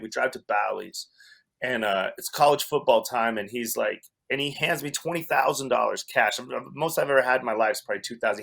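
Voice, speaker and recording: A man's voice: mid-range voice, gravelly, fairly bright tone. Man, comedian guest, casual storytelling, rambling restarts, laughs as he talks. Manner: rambling, self-interrupting, laughs through the story.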